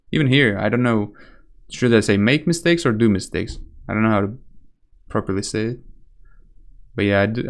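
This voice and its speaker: A young man from Russia with a light Russian accent, chatting casually on a live stream, rambling and correcting himself often. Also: lowish voice. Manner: rambling, hesitant, self-correcting, casual swearing.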